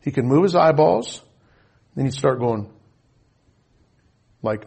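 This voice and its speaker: Gravelly, husky man preaching a sermon. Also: mid-range voice, lively intonation, takes it slowly. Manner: emotional storytelling, swings between loud and hushed.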